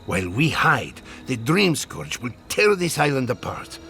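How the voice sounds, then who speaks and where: A man's voice: medium pitch, sing-song, unhurried, pushed and bright, soft background music, exaggerated voice. An actor voicing a wry, skeptical man who gives practical advice in a video game.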